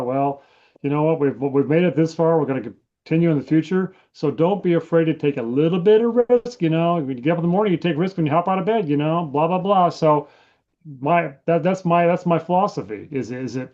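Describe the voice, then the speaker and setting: A man, an author guest, talks fast and folksy, explaining his views with easy asides. His voice sits a bit high for a man. It comes over a dull, muffled line. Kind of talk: casual chat.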